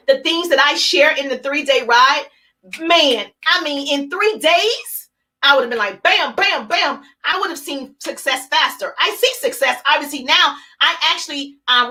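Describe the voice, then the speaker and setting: Woman giving a live motivational pep talk, super high bright voice, punchy and fired up. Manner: emphatic and energetic, with repeated punchy phrases. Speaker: host of a business coaching broadcast.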